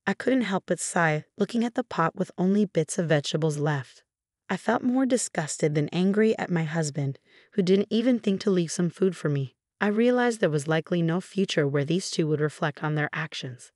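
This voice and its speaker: Low, dry-voiced woman narrating a story. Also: animated, moderate pace, a little mellow, no echo. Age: 40s. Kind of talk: scripted first-person story narration.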